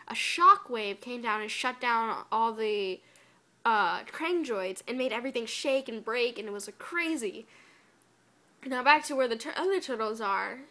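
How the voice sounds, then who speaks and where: A woman with a fairly high voice reviews a cartoon episode in a loose, chatty way. She sounds exasperated at the plot and leans on "like" as she talks. Now and then she drops into a whispered aside. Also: bright, forceful tone. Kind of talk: casual spoiler review.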